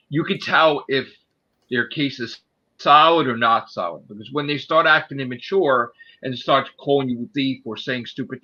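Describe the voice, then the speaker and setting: A man's voice: mid-range voice, sharp tone. A man telling a work story in a casual, profane and heated rant. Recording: dull lo-fi audio.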